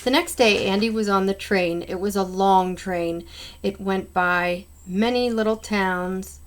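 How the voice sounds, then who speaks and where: Woman, storybook reading aloud, mid pitch, unpolished, small slips. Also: measured pace. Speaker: reader. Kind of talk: reading children's books aloud.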